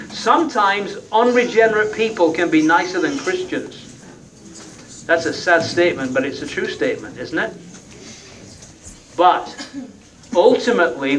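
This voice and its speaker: A man's voice: sits high, recorded from a distance, noisy background. A man preaching a sermon in a conversational, folksy way, often tagging his points with rhetorical questions.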